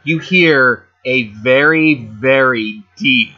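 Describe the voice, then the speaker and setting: A man's voice: mid-range voice, takes it slowly. A man running a tabletop game over voice chat, describing scenes in a chatty way full of fillers and asides. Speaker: game master. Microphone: home voice chat mic. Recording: muffled voice chat audio.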